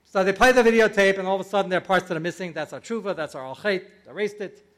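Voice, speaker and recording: A man's voice: high voice, quick pace, a bit bright. A man giving a storytelling sermon to a live audience as a rabbi, acting out the voices he quotes.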